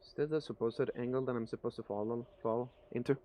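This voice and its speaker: Streaming live gameplay commentary, a man whose first language is Spanish gets profane and excitable, begging the game and yelling at it. He speaks briskly at a medium pitch, and the recording is dry.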